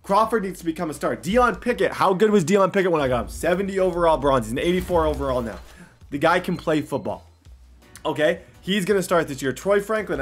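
A young man giving casual, excitable commentary while playing a football video game, breaking into loud outbursts and mocking himself. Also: on the high side. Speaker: gaming commentator.

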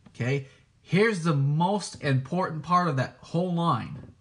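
A man's voice: fairly high pitch, unhurried, fairly bright tone. Hesitant man giving an informal teaching. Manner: hesitant, frequent restarts, keeps asking "okay?". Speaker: preacher.

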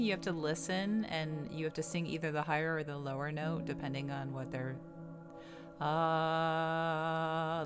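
A woman commenting playfully on a game she plays, singing and humming along and laughing often. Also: deep voice. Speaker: gamer streamer. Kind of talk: game play-through commentary.

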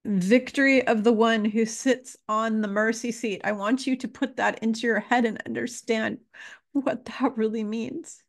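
A woman giving an earnest, casual spiritual talk, repeating phrases and pausing with fillers as she grows emotional. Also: fairly high pitch, steady tone. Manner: earnest, emotional, pauses to collect herself. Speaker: spiritual teacher.

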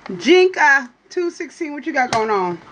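A woman's voice: sing-song, measured pace, a bit bright, slight background noise. A woman hosting a casual livestream, talking straight to her viewers in a playful, teasing way and often asking "you hear me?". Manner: drawling, swoops into high exclamations. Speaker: livestream host reading for viewers.

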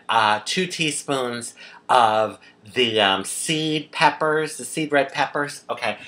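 A woman with a Philadelphia accent chatting through a casual home cooking vlog, expressive and quick to laugh. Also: very deep voice. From Philadelphia, USA. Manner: chatty, expressive, laughs often, drawn-out emphasis. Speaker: vlogger.

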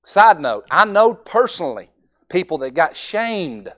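A man's voice: high-pitched, very animated, measured pace, fairly bright tone. A young man preaching a Sunday evening sermon in a folksy way, acting out altar conversations.

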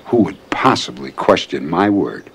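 A calm, menacing villain from a TV western. His voice sits very low and deep, and he keeps every word polite, measured and deliberate. Faint ambience hangs behind him. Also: gravelly, a little hiss or hum, full character voice. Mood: cold menace. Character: cold, soft-spoken, vengeful older male lawman villain. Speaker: villain, a lawman holding a captive. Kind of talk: 1990s TV western acting.

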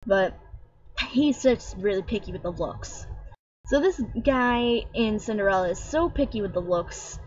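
A woman's voice: mid-range voice, lively intonation, unhurried, dry recording. A young woman ranting casually in a vlog, sarcastic and rambling, mocking what she describes. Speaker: vlogger. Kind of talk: casual rant. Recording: dull lo-fi webcam audio.

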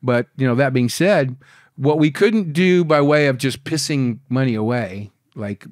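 A man's voice: mid-range voice, a little mellow, no echo, clean studio sound. Profane rambling older storyteller man. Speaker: podcast guest. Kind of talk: casual storytelling interview.

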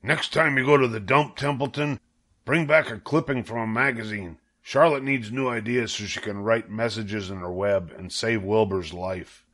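A man's voice: lowish voice, normal speed. A man doing a shrewd old sheep. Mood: persuasive. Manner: calm, persuasive storybook reading.

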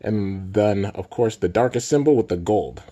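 A young man hosting a casual toy unboxing vlog, excitable and filling his talk with "man" and "dude". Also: on the low side, moderate pace. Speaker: toy reviewer and channel host.

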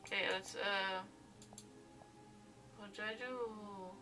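A woman's voice: mid-range voice, fairly even intonation, a little slow, pauses often, sharp tone, far from the mic, slight background noise. A young woman from the Czech Republic, chatting and thinking aloud as she plays a game. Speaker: let's play host. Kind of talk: casual game commentary.

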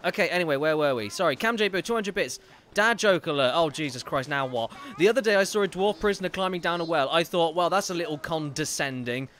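A man's voice: fairly high pitch, lively intonation, fast, fairly bright tone, a little hiss or hum. A man streaming a video game live, joking around, thanking viewers for donations and reacting to scenes. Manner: joking, self-deprecating, reads out donations.

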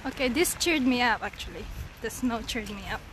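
A woman vlogging live on her phone outdoors in the falling snow, talking casually with excitable, giggly energy. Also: fairly high pitch, fairly quick. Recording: outdoor noise.

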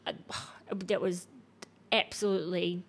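A woman in her thirties from New Zealand, a podcast guest in casual chat, telling her story in an animated way and acting out what other people said. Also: on the low side, slow.

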